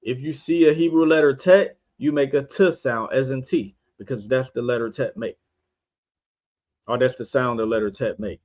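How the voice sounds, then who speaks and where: A man's voice: mid-range voice, moderate pace, darkish tone. A man hosting a podcast, giving an informal religious lesson while sharing his screen. He spells out letters one by one and keeps asking his listeners rhetorical questions. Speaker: podcast host teaching scripture. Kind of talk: informal religious teaching over a screen share. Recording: dull lo-fi stream audio.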